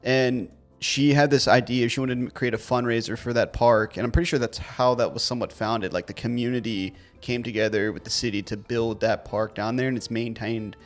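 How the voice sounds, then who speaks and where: A man's voice: medium pitch, fairly even intonation, fairly quick, hardly any pauses, faint music behind. A man with a Baltimore accent co-hosting a casual podcast, telling rambling stories full of fillers. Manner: rambling storyteller, many fillers. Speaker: podcast co-host. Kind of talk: casual chat.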